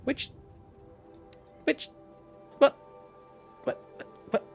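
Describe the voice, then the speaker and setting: A man's voice: extremely slow, soft background music. A young man chatting casually while streaming a game, rambling and correcting himself as he goes. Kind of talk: casual gameplay commentary.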